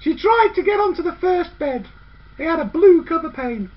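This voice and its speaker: A woman tells a children's story in a playful way and briskly hushes a man who interrupts. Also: very high-pitched, animated. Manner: bossy narrator who acts out the girls' lines. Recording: dull lo-fi recording.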